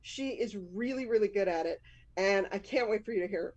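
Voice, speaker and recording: A woman's voice: mid-range voice, brisk, darkish tone, highs cut off. Candid self-deprecating woman storyteller. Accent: Boston. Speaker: storytelling show host. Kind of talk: personal storytelling.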